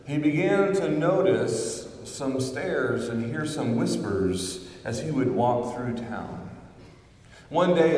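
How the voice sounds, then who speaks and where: A male pastor preaching a sermon, telling stories slowly and building to emphatic peaks. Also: medium pitch, darkish tone. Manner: slow, storytelling, swelling to emphatic peaks. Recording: echoey church hall from far off.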